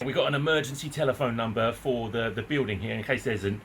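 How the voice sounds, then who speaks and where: Chatty guy vlogging, bright sharp voice, mild swearing, faint hum behind. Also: mid-range voice, fast talker, few pauses. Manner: excitable, chatty, peppered with mild swearing and chuckles. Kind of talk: animated storytelling to camera.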